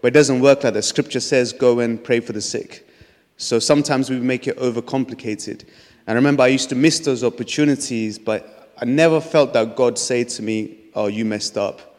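A man's voice: mid-range voice, normal speed, darkish tone. Man preaching in a reverberant hall. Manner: earnest storytelling with frequent restarts. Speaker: speaker sharing a testimony. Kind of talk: testimony preaching.

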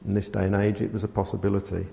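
A man preaches in a low, mellow voice, telling a story in a halting way with many fillers. The sound is dull and muffled. A long reverb trails each phrase, as in a large hall. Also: little pitch movement, vocal fry. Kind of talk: sermon with a personal story.

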